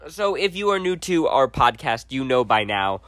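A man hosting a casual podcast, deadpan and teasing as he rambles through fillers and side remarks. His voice is bright and mid-pitched. The recording is dry and close. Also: moderate pace, no room sound. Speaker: podcast host.

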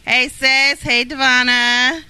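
A woman's voice: high voice, flat delivery, slow, pushed and bright, clean tone. A woman, co-hosting a casual podcast chat in a playful, hyper way and laughing a lot. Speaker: co-host.

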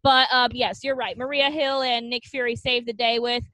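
Woman, high bright voice, animated film chat, acts out scenes, dry close sound. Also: moderate pace, no room sound. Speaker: podcast co-host. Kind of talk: casual movie chat.

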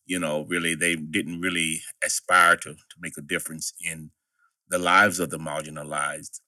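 A man's voice: a bass voice, little pitch movement, normal speed, bright, forceful tone, no room sound. A middle-aged man co-hosting a podcast, telling a personal story in an earnest way. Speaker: podcast co-host. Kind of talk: podcast conversation.

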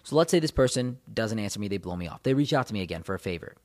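A man's voice: on the low side, expressive, racing. A man giving motivational relationship advice straight to his viewers, emphatic and repeating his key points. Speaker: relationship coach. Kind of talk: motivational advice talk to camera.

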